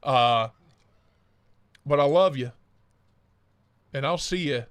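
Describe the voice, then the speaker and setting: A man's voice: mid-range voice, takes it slowly, fairly bright tone, clean tone. A man hosting a live stream, signing off in a playful, jokey casual chat.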